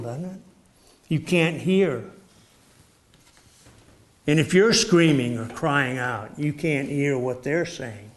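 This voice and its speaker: Guy preaching a sermon, slow and thoughtful, asks the crowd questions, mid voice. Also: medium pitch. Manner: slow, measured, reflective with rhetorical questions.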